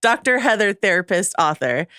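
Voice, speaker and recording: A woman co-hosting a casual pop-culture podcast, making wry jokes and quick asides. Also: mid-range voice, very animated, sharp tone, clean tone, no room sound, clean studio sound. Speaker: podcast co-host.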